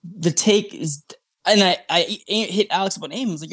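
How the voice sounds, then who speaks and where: A man telling a story as a podcast guest, casual and animated, swearing freely and acting out what people said. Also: high voice, brisk, breathy edge, dry recording, studio quality. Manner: animated, swears freely, acts out quoted talk.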